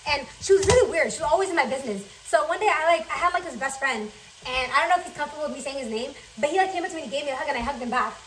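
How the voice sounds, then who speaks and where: A young woman telling a chatty, fast storytime while cooking in her kitchen, swearing freely. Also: high-pitched, expressive, distant mic, background noise. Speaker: vlogger. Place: home kitchen.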